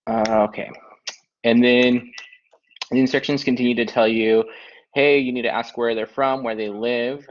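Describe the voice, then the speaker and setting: A man teaching a Spanish class online, explaining tasks in a relaxed way with many filler ums. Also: mid-range voice, moderate pace, slight background noise. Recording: dull lo-fi online lesson audio.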